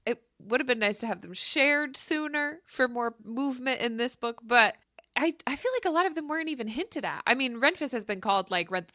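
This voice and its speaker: A woman's voice: high voice, expressive, a little fast, bright, forceful tone, dry recording, studio quality. A woman co-hosting a casual book club podcast, thinking aloud with many restarts. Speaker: podcast co-host.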